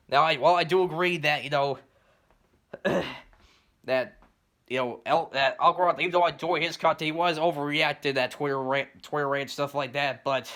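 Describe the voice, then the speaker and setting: Bright-voiced rambling man ranting. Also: a little high, fairly even intonation, normal speed, pauses often. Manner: rambling, heavy on "you know" and "stuff like that"; clears throat and laughs between points. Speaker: commentary YouTuber. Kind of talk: rambling response rant.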